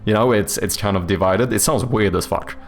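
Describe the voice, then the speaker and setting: A man's voice: on the low side, fairly quick. A Swedish man whose English leans toward a British accent, chatting casually on a livestream with lots of fillers and restarts. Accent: Swedish speaker leaning toward a British accent. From Sweden. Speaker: streamer. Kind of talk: casual livestream chat, reading and answering chat.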